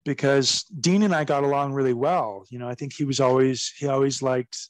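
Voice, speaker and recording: A man telling backstage stories as a guest in a casual interview, animated and profane, laughing as he goes. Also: mid-range voice, brisk, no room sound. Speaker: guest recounting his wrestling career.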